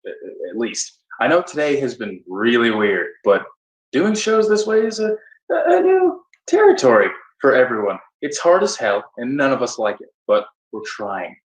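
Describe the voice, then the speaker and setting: A man's voice: medium pitch, sing-song, moderate pace, natural voice. A man playing an earnest, stammering peacemaker. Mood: placating. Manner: soothing, stammering apologies. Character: earnest peacemaking male actor. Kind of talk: scripted video-call comedy. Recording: echoey room, mic far off.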